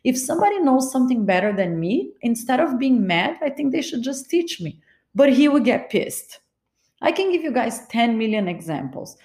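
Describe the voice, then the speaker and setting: A woman's voice: a little high, sing-song, moderate pace, a little mellow, echoey room. A woman from Los Angeles hosting a podcast, telling a personal story in a candid, wry, confiding way. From Los Angeles, California. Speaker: podcast host.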